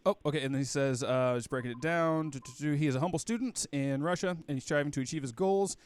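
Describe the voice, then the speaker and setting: A man's voice: a little high, fast talker, clear, resonant tone. A man on a podcast reading out and explaining a listener's email in an easygoing, casual way. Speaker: co-host reading listener mail.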